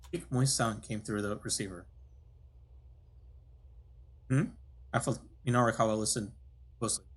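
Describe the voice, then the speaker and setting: A husky, slightly breathy man reading game text aloud on stream. He keeps it casual, trips over words and stops to correct himself, then carries on. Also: lowish voice, normal speed. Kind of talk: reading a visual novel aloud.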